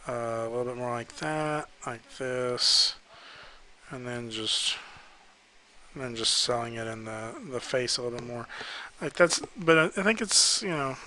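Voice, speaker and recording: Male art teacher, bright voice, casual halting critique. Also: medium pitch, a little hiss or hum, low-quality recording. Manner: relaxed, hesitant, many ums and likes. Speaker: art instructor giving pose feedback. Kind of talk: casual critique while sketching.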